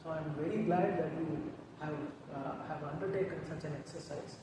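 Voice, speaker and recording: A man with an Indian English accent giving a talk on poetry, chanting verses slowly and melodically between explanations. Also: on the high side, steady tone. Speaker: guest speaker on Sanskrit poetry. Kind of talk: lecture with recited Sanskrit verses. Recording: echoey hall, distant mic, noticeable noise.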